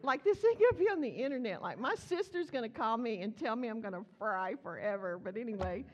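A woman's voice: on the high side, brisk, highs cut off. A woman preaching a chatty, storytelling sermon in church, acting out the dialogue as she goes. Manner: animated, chatty, acts out dialogue.

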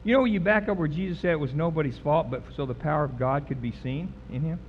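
A man with a high voice preaches a sermon in a church, emphatic and folksy, hammering words again and again. The recording sounds a bit dull, with a faint hiss behind him. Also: quick pace. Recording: slightly dull recording with faint background noise.

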